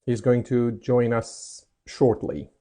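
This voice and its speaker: A man hosts a live chat stream on a clip-on mic, speaking at a medium pitch. He greets his followers around the world and answers their chat messages as they come in. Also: fairly even intonation, slow pace. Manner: greets viewers warmly and reads chat comments aloud. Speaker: host. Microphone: mic'd up.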